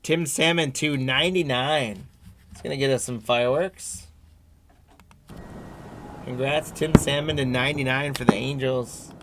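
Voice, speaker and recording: Slow, easygoing male card break host. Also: medium pitch, a bit bright, slight background noise. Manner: unhurried, reads card names off one by one, friendly asides to viewers. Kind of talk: live-streamed card break commentary.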